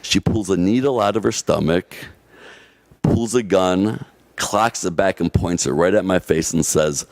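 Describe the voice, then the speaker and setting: A man from Detroit, a podcast guest telling a story casually, animated, laughing often and swearing freely. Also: deep voice, a little slow, vocal fry, no echo. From Detroit, USA.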